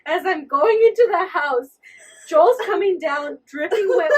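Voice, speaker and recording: A young woman co-hosting a podcast, telling a story in an animated, laughing way and slipping into Spanish. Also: extremely high pitch, unhurried, recorded from a distance, rough recording. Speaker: podcast co-host. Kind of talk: casual storytelling chat.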